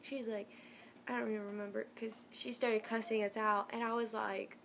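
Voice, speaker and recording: A woman's voice: fairly high pitch, moderate pace, a little hiss or hum. A young woman telling a personal story to her viewers in a casual, chatty way. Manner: chatty and animated, many fillers and restarts.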